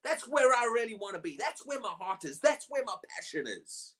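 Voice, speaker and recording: A woman preaching a sermon, emphatic and animated, often asking rhetorical questions. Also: a little high, normal speed, slightly rough.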